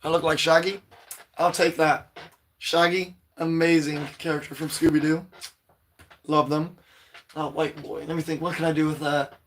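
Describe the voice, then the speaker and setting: A man hosting a casual livestream, greeting viewers and rambling excitedly about shows and quotes, with a voice still a little hoarse. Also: a little high, normal speed, long pauses, slight background noise. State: voice slightly hoarse, recovering. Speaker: livestream host reading chat.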